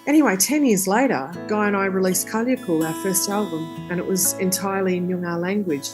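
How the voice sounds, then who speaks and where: A woman's voice: medium pitch, a little fast, hardly any pauses, soft background music. An Australian woman in her fifties, a singer-songwriter guest telling stories in conversation and acting out the people she quotes. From southwest Western Australia. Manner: animated storyteller who acts out the people she quotes. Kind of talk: conversational storytelling.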